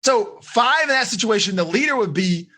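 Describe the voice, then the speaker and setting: A man from the United States giving a lively live seminar to teenagers as a life coach, coaxing his audience to answer and acting out little quoted scenes. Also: sits high, normal speed. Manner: animated, coaxing the audience, acts out quoted voices. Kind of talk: energetic live seminar talk.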